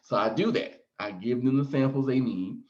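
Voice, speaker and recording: A man at a middle pitch tells a personal story to his viewers in a casual, open way. He acts out his own reactions with theatrical flair. The sound is slightly muffled and lo-fi. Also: moderate pace, a little mellow. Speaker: storyteller vlogger.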